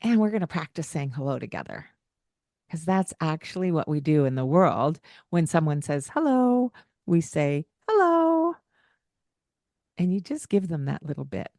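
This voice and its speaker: Lively woman podcast host, low voice. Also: moderate pace, dry recording, studio quality. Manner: animated, acts out singsong greetings to children. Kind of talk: casual parenting advice chat.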